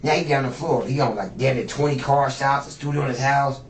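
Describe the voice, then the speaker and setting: Talking fast with few pauses in a mid-range voice, a man in his fifties under interrogation as a suspect rambles, boasts and swears. It's an interrogation room setting, recorded echoey from a distant mic with faint noise.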